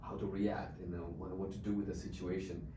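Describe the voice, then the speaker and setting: A man from the Czech Republic who speaks English with a Czech accent, an expressive missionary telling stories as an interview guest. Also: sits low, a little fast, noisy background. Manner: expressive, laughs often. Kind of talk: animated storytelling. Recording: roomy, distant mic.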